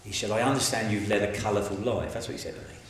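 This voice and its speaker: A middle-aged man telling his life story in an interview, colloquial and animated, acting out the people in his stories. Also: on the low side, rapid-fire. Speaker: interviewee giving a testimony. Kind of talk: candid storytelling. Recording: very echoey room, faint noise.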